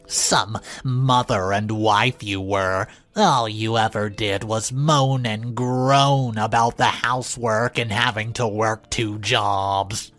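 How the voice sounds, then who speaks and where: A woman voicing a spiteful, bitter older mother-in-law who sneers slowly in a low voice. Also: fairly even intonation, a bit bright, soft background music, full character voice. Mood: contemptuous.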